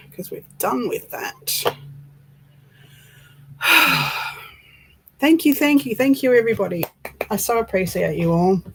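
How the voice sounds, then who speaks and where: An Australian woman hosting a casual livestream, excitable and breathless with frequent sighs. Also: fairly low pitch, slight background noise, poor audio. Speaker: livestream host.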